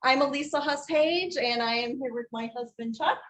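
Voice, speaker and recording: A woman's voice: sits high, moderate pace, a bit bright, a little hiss or hum, poor audio. A woman who trains teachers and sings for families, giving an upbeat welcome and urging the audience to join in. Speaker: children's music performer and teacher trainer. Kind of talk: welcoming address to a conference.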